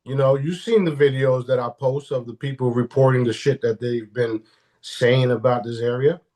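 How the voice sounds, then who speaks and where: A man's voice: medium pitch, fairly even intonation, normal speed, darkish tone. A man speaking as a guest in a casual live-stream interview, blunt and profane, often restarting his sentences.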